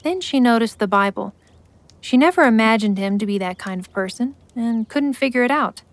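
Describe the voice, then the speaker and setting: A woman giving scripted story narration in a steady, measured way. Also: on the high side, no echo.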